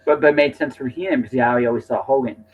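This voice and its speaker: A man's voice: mid-range voice, very fast, breathy edge. A man in casual conversation, talking animatedly and repeating words as he jumps in with his opinions. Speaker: podcast co-host or guest. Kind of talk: casual chat. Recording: dull lo-fi audio.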